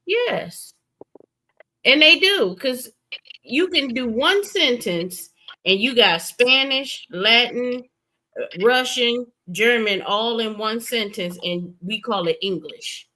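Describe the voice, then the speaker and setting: A woman's voice: fairly high pitch, takes it slowly. A woman hosting a late-night stream, talking casually and getting emphatic as she tells stories. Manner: animated, emphatic storytelling. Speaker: streamer host. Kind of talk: casual chat. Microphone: streaming setup.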